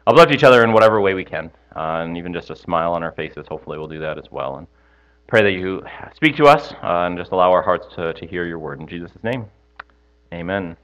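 A man's voice: low-pitched, expressive, fast talker, fairly bright tone, lo-fi sound. A male pastor leading prayer and telling a story in a casual, hesitant way, full of restarts and self-deprecating asides.

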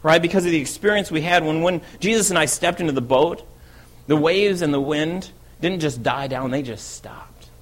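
A man takes on the role of the apostle Peter, that impulsive, eager disciple, and tells his story dramatically in the first person, accelerating and swelling when stirred. He speaks at a normal pace in a higher voice, lightly acted.

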